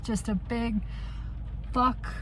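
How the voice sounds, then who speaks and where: A woman's voice: fairly high pitch, steady tone, very slow, a bit bright, slight background noise, rough recording. A woman venting in a personal monologue, blunt and profane, often trailing off and restarting. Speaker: vlogger.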